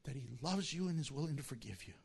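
A male pastor preaching a sermon, animated and acting out the disciples' voices as he tells the story. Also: a little high, quick pace, gravelly, husky.

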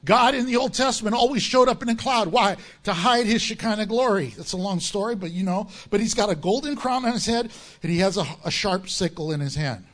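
A man's voice: high voice, a little fast, fairly bright tone. A man, a pastor, preaching a sermon in a jokey way and acting out voices of the people he quotes.

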